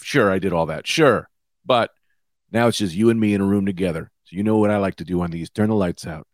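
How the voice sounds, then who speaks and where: A man in his thirties hosting his own comedy podcast, high and rambling loosely from one tangent to the next. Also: brisk, dry recording, studio quality. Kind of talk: casual comedic monologue. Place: small room with lights out.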